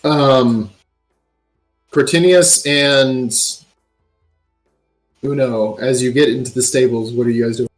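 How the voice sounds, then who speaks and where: A man narrating as game master of a tabletop game in a relaxed, matter-of-fact way. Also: mid-range voice, slow, long pauses, soft background music.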